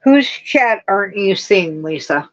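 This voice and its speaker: A woman hosts a casual livestream from a laptop streaming setup, chatting and answering viewers' comments one by one. Her medium-pitched voice is expressive and a little slow, and the recording sounds muffled.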